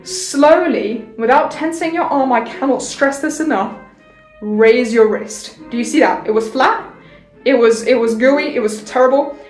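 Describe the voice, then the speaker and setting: Playful high-voiced woman teaching violin. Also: a little slow, soft background music. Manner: playful, jokey, theatrical asides. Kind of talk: casual video lesson. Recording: roomy echo.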